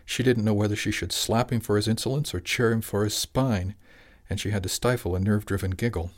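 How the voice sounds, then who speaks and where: Low-voiced male audiobook narrator. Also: steady tone, fairly quick.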